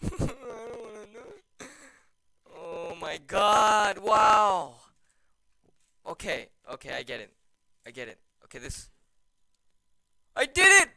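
A man giving jumpy, excitable commentary while playing a horror game, often dropping to hushed, nervous mutters. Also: sits high, slow, creaky, long pauses, poor audio. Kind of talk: let's play commentary.

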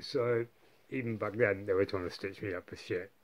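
Sweary low-voiced man rambling. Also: steady tone, normal speed. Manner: rambling, heavy swearing, many fillers and tag questions. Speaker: vlogger. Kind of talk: casual monologue.

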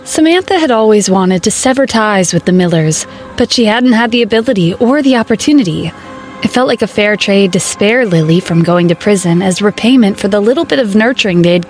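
A woman reading a dramatic story aloud as narrator, in a steady storytelling manner. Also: mid-range voice. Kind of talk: scripted narration.

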